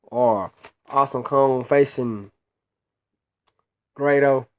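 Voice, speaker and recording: Man, mid-pitched, solo wrestling reviewer; blunt, profane, repetitive rant. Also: slow pace. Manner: blunt, profane, repeats words when worked up.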